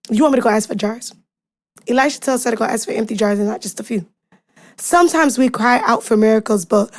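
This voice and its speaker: A woman hosting a podcast, giving a casual devotional Bible message in a chatty, animated way with slang and quick asides. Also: fairly high pitch.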